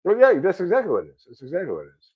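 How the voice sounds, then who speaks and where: A man's voice: high voice, huge pitch swings, rapid-fire, slightly rough, no echo, dull audio. A man in his thirties with a New York accent, hosting a casual chat, rambling with repeated words and casual swearing. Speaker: podcast host.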